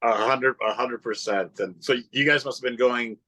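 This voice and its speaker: A man with a Chicago accent co-hosts, teasing in quick, playful banter. His voice sits at a middle pitch for a man. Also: bright, forceful tone, no echo, poor audio. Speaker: podcast co-host. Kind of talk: casual interview chat.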